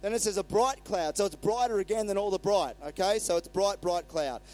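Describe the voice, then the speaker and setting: A man's voice: sits high, brisk, a little mellow, poor audio. A male pastor giving a sermon in a conversational way, retelling scripture and acting out the quotes.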